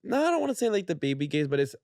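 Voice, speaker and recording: A man's voice: on the high side, very animated, very fast, a little mellow, dry recording, studio quality. A young man, co-hosting a podcast with sassy, slangy banter. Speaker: podcast co-host. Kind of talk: casual chat.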